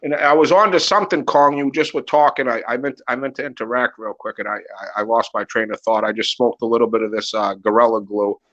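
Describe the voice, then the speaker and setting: A man's voice: mid-range voice, fast, hardly any pauses. A man in casual chat on a podcast, rambling and swearing freely as he talks. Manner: rambling, profane, animated. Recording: muffled lo-fi audio.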